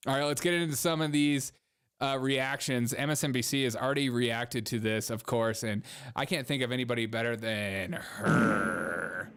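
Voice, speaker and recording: A man's voice: medium pitch, steady tone, moderate pace, fairly bright tone, smooth. A man hosting a political comedy podcast, riffing sarcastically and laughing at the news. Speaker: podcast host.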